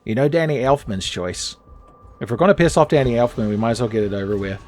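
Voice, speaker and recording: A man giving joking, casual commentary while playing a video game, jumping up in pitch when excited. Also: quick pace, soft background music. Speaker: let's play host.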